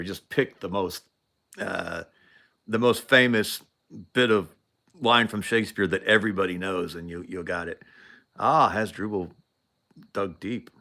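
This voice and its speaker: A man's voice: on the low side, sharp tone. A man hosting a show, telling a story casually, rambling with frequent laughs and restarts. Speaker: show host.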